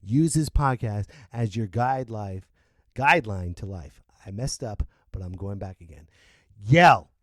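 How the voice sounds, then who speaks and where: A man hosting a solo podcast rant, swinging between loud outbursts and low muttering and laughing at himself. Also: unhurried, no room sound, clean studio sound. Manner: self-mocking, laughs at himself. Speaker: podcast host.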